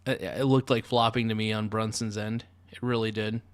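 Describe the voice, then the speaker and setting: A man live-streaming, chatting casually and giving an excitable, frustrated play-by-play with frequent swearing. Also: fairly low pitch, moderate pace.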